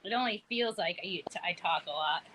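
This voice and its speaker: Chatty woman with halting fillers. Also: fairly low pitch, muffled recording, background noise. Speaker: panel co-host. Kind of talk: casual live-stream chat.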